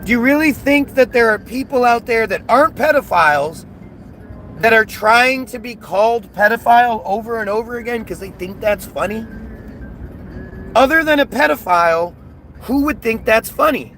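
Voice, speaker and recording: A man's voice: very high-pitched, expressive, moderate pace, pushed and bright, a little hiss or hum, low-quality recording. A man livestreaming a heated, agitated rant, scornful and repetitive as he answers his chat. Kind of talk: heated live-stream rant.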